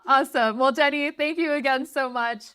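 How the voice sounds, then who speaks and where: A woman's voice: high-pitched, steady tone, a bit bright. A woman hosting a podcast interview, upbeat and encouraging, chatting casually with her guest. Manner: upbeat, encouraging, quick to laugh. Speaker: podcast host.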